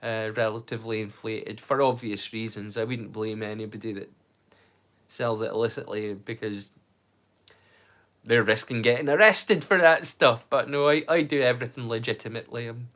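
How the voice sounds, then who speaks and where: A man's voice: mid-range voice, fairly even intonation, normal speed, fairly bright tone. A Scottish man in his thirties chatting casually on a livestream, rambling and often repeating his first words. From Scotland. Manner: rambling, repeats words when starting sentences. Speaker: livestream host.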